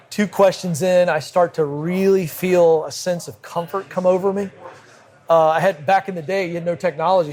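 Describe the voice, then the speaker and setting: A man, a podcast guest, telling a vivid personal anecdote in brisk conversational style at a cigar lounge. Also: high-pitched, a little mellow. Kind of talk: animated storytelling in conversation. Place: cigar lounge with a group present.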